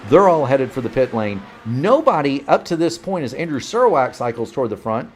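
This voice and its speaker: A man's voice: medium pitch, big pitch swings, a little fast, darkish tone, breathy edge. Hiccuping male sim racing play-by-play caller. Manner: rambling, self-correcting play-by-play. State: has the hiccups. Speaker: play-by-play commentator. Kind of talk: sim racing broadcast commentary.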